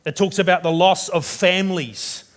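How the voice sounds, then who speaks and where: A man preaching a sermon as pastor, from New Zealand, turning dramatic and loud when he voices the biblical writer's questions. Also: high-pitched, fairly even intonation, moderate pace.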